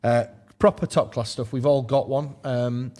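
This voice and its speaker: A man's voice: medium pitch, fairly even intonation, normal speed, darkish tone. A man, hosting a podcast in a jokey, rambling way with frequent laughter and reading ads casually. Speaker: podcast host. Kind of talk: casual football chat and ad read.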